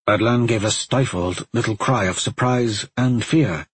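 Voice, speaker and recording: A man reads a fantasy story aloud in a calm, steady way, his rather low voice heavily husky and breathy. The recording is close and dry, with no room sound at all. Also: unhurried, few pauses, no room sound. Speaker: narrator. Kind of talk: audiobook narration.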